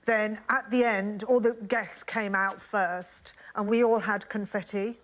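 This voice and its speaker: A woman's voice: medium pitch, steady tone, unhurried. Chatty woman telling a story, repetitive. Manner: chatty, repeats phrases, laughs while telling. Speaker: panel show guest. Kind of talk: telling an anecdote on a comedy panel show. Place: TV studio before a live audience.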